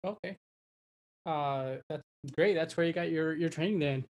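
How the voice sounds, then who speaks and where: A man with a somewhat high voice interviewing over a video call. He keeps his questions short and answers with quick affirmations, and the mic sounds a little distant. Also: a little mellow. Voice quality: brief, affirming.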